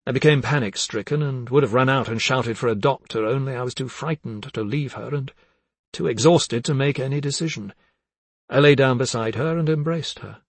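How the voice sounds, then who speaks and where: A man's voice: medium pitch, breathy edge, no room sound. A man narrating a literary novel as an audiobook, with intense, dramatic delivery.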